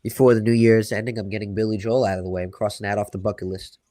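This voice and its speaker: Rambling Long Island man, low voice. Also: steady tone, racing, mellow. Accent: Long Island New York. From Long Island, New York. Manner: rambling, heavy on "you know" and "like". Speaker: podcast co-host. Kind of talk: casual chat.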